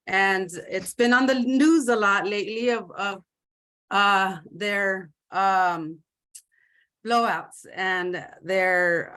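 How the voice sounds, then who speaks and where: A woman advocate from Colorado giving an earnest personal testimony on a video call, halting with many fillers and mixing in Spanish words. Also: medium pitch, fairly bright tone. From Commerce City, Colorado. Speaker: community advocate.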